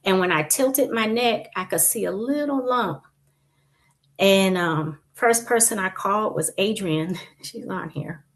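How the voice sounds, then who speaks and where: A woman guest on a panel, telling her own patient story in a chatty, lively way. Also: medium pitch, unhurried. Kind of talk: casual panel discussion.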